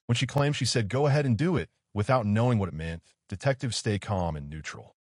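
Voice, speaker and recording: A man giving scripted, measured narration explaining a police interrogation. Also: on the low side, dry recording. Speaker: true crime commentator. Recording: dry close-mic voice-over.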